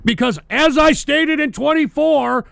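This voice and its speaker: A man's voice: very high voice, measured pace, vocal fry, a bit bright, no echo. A man from the United States hosting a radio show, delivering a heated, profane political rant and repeating himself.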